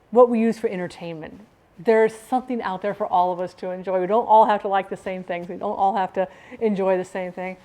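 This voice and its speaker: A woman's voice: medium pitch, steady tone, a little fast, dark tone. Chatty, upbeat middle-aged woman streamer. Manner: chatty, upbeat, laughs often. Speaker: live streamer. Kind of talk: casual live-stream chat.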